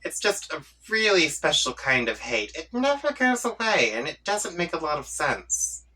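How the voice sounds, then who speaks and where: A woman's voice: low-pitched, sing-song, normal speed, pushed and bright, breathy edge, recorded from a distance, pitched above the performer's own voice, exaggerated voice. A man reading a comic aloud, voicing a haughty, scheming young female troll who talks with smug taunts. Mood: taunting.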